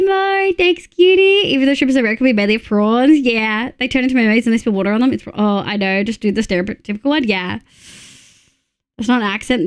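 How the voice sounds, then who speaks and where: Chatty Australian woman streamer, higher voice. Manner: chatty, counts aloud, swears casually. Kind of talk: casual live-stream chat while playing.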